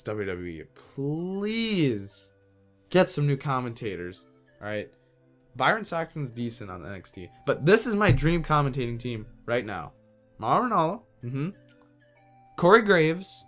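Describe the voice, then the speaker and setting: A man's voice: medium pitch, a bit bright. A man hosting his own podcast, ranting in an exasperated, casual, slangy way. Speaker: podcast host. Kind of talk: solo wrestling podcast rant.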